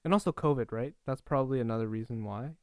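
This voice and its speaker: A man's voice: medium pitch, fast, darkish tone, no echo, studio quality. A young man co-hosting a podcast, chatting in an easygoing way. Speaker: podcast co-host. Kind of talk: casual chat.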